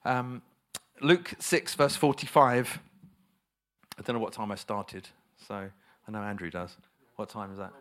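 A man's voice: fairly low pitch, unhurried, a bit bright. A man preaching a sermon, emphatic and asking his listeners rhetorical questions.

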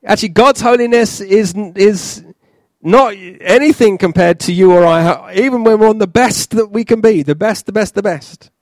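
A man preaching a sermon in a church, halting, with many fillers and restarts. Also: sits high, a little mellow, no echo.

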